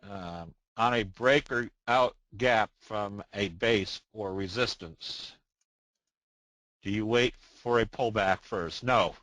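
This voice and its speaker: A man's voice: on the low side, slow, a bit bright, dry recording, poor audio. An older man giving a trading webinar talk in a folksy way, with many fillers and a joke told in plain voices. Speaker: trading presenter. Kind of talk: webinar presentation.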